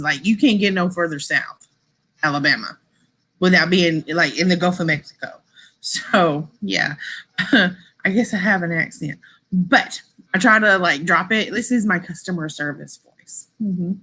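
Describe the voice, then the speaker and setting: A woman's voice: on the low side, lively intonation, moderate pace, sharp tone. A woman hosting a casual live stream, chatting and rambling to her viewers, laughing often and saying y'all.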